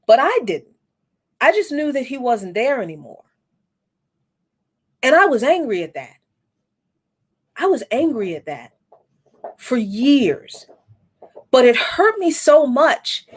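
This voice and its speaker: A woman in her forties hosting a podcast, telling a personal story in a reflective, candid way with frequent restarts and casual cursing. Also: on the high side. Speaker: podcast host.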